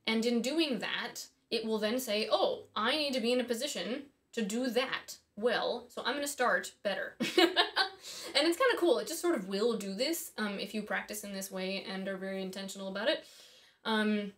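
A woman's voice: mid-range voice, normal speed, fairly bright tone. A woman teaching singing in a casual, chatty way, thinking aloud and dropping in small asides as she explains. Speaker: voice and harp teacher. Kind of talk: casual instructional talk.

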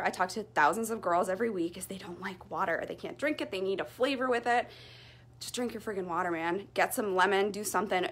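Chatty young woman, breathless after a workout. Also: medium pitch. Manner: chatty, candid, lively storytelling. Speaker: fitness vlogger. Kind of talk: casual talk to camera.

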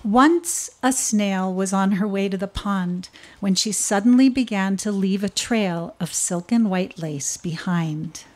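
A woman speaks at a memorial service in a church and reads a children's story aloud. She talks slowly, with a nervous, halting edge. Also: medium pitch.

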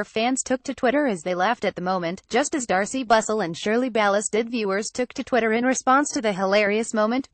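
A woman reads out a news article in a steady, uninflected delivery. Her voice sits at an ordinary middle pitch and sounds close and dry, with no room around it. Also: no echo. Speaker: news reader. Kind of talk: reading an online article aloud.

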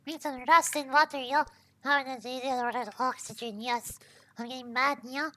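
A woman's voice: high voice, fairly even intonation, normal speed, pushed and bright, faint music behind. A woman streamer giving casual game commentary, thinking aloud as she tries things, swearing freely and tacking "yo" onto her lines.

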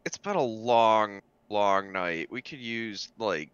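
A man voicing a weary travelling bat-keeper in an easygoing, drawn-out way, over a dull, dry mic. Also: lowish voice, animated, a bit bright, smooth, no room sound.

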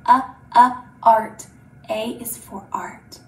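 A woman children's librarian leads a storytime activity with exaggerated gasps and slow, careful speech for small children. Her high voice leaps around its range. The recording is roomy and distant. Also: very animated. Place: library room. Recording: roomy and distant, faint hiss.

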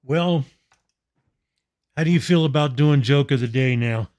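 A man hosting a casual talk show in a slow, easygoing way. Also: mid-range voice, a little mellow. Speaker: host. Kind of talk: casual chat.

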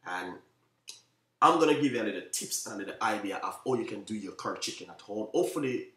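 A man with a Jamaican accent, a chef hosting a live cooking stream, chatting to viewers in quick, repetitive talk and often saying "you know what I mean". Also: on the low side, lively intonation, sharp tone, roomy sound, recorded from a distance. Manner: talks fast, by his own account.

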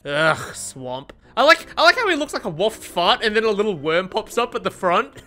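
A young woman giving casual, excitable commentary over her own gameplay, swearing and laughing often. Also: a little high, moderate pace. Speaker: gaming streamer.

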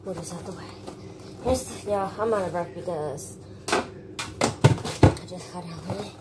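A woman's voice: on the low side, normal speed. A woman chatting casually to her phone camera at home as a vlogger, calling her viewers y'all. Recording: loud background noise.

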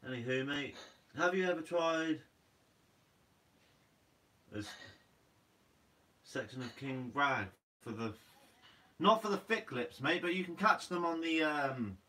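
A young man with a Guernsey accent hosts a relaxed live Q&A, sounding a bit tired and calling everyone "mate". His voice is bright and sits a little high for a man. He talks from some distance off the mic. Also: unhurried, long pauses. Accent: Guernsey English. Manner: laid-back, says "mate" a lot. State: sleepy. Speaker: fishing channel host. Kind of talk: casual live Q&A reading comments.

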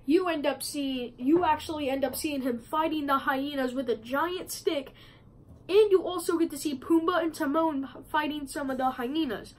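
A woman with a high voice talks at a moderate pace on a low-quality recording. She's chatting casually in a movie review vlog, rambling with lots of fillers and restarts, and is filming at a friend's house rather than her usual spot.

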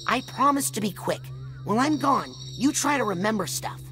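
A woman's voice: fairly high pitch, animated, normal speed, fairly bright tone. A woman voicing an earnest, polite young psychic boy in a video game, talking in a matter-of-fact, kindly way. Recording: game audio with music behind.

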